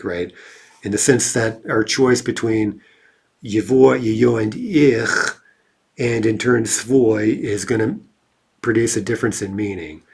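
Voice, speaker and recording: Husky man teaching grammar, casual and slow. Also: lowish voice, a little mellow. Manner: conversational, reads examples slowly and checks in with "right?". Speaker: language teacher. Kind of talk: explaining grammar exercises.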